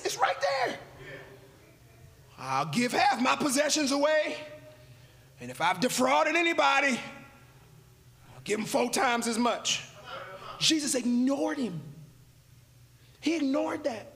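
A man a sermon to his congregation, shouting and half-singing his lines, often dropping to a quiet, close tone. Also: very high voice, very animated, unhurried, long pauses. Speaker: pastor. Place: church sanctuary.

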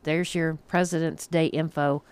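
A man's voice: a little high, little pitch movement, moderate pace, smooth. A man hosting a casual radio show, folksy and chatty, with frequent fillers. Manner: folksy, chuckling, filler-heavy. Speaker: radio host.

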